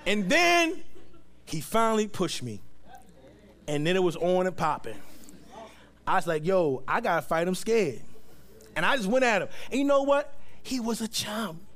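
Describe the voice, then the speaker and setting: A man preaching a sermon as pastor, telling stories with laughs and bursts of shouting. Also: high voice, normal speed, pauses often. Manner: animated storytelling with laughs and shouts.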